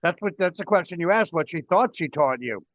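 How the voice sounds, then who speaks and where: Fast-talking man in the audience. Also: on the high side, lively intonation, highs cut off. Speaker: seminar audience member. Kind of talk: calling out answers from the audience.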